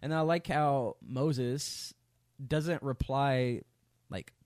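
A man's voice: medium pitch, drawn-out words, darkish tone, no room sound, clean studio sound. A man teaching a casual Bible study, reading scripture and then talking it through in a loose conversational way with many fillers and sarcastic asides.

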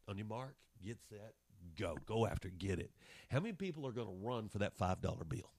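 A man's voice: mid-range voice, dry recording. A man preaching a sermon, passionate and acting out the voices of people in his examples. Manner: impassioned, acts out voices of people and scripture.

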